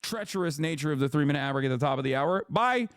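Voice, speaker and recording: A man's voice: fairly high pitch, expressive, quick pace, clear, resonant tone, no room sound, clean studio sound. A man commenting live on his stream, heated and profane, rambling through his points as he reacts. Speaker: livestream commentator. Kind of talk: casual political commentary.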